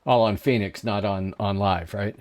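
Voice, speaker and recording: A man's voice: fairly low pitch, steady tone, normal speed, darkish tone, slight background noise. A man streaming an online game, chatting casually as he plays and answers viewers in chat. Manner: chatty, musing aloud, reading chat. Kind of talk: casual gameplay commentary.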